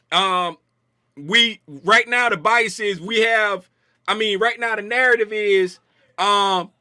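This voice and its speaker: A trading stream host with a high voice, recorded in clean studio quality with no echo, runs a casual live stream about the market. He plays around with his chat in loose slang, reads names aloud, shouts out bits of messages, and repeats himself to hammer a point home.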